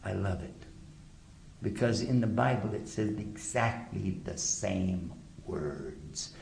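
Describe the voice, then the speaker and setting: A man's voice: deep voice, animated, slow, gravelly, a little mellow, slight background noise. A man giving a religious lecture to a live audience, emphatic and full of rhetorical questions. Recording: echoey lecture hall.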